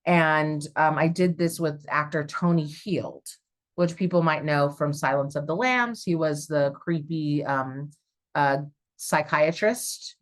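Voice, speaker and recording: A woman from Southern California, a stage actor, chatting as a guest and telling stories in an animated way, with many fillers. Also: deep voice, slow pace. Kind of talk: casual conversational storytelling.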